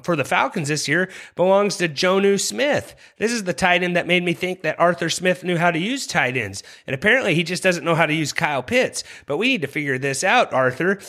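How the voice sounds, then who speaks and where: Young male podcast host, slightly high-pitched, passionate and rambling, casual rankings talk. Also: animated, fairly quick, hardly any pauses, sharp tone. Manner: passionate, rambling, apologetic asides. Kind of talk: fantasy football rankings talk.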